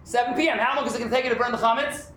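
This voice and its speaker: A man teaching a Talmud class, talking in an animated way and often breaking into shouts. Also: very high voice, rapid-fire, slight background noise. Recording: echoey room.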